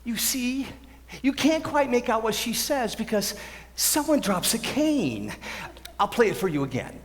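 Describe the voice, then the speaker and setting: A man's voice: extremely high pitch, sing-song, unhurried, slight background noise, heavily acted. A young man playing a wistful musical fan who talks to the audience in a rambling, confiding way, recorded in an auditorium. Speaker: student actor. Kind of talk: stage musical performance. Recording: echoey auditorium, distant mic.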